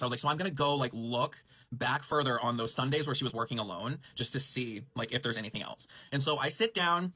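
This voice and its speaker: A man's voice: medium pitch, fast talker, sharp tone, no room sound. A man casually telling a rambling story about his grooming salon, full of "like" and self-corrections. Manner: rambling, heavy use of "like", frequent self-corrections.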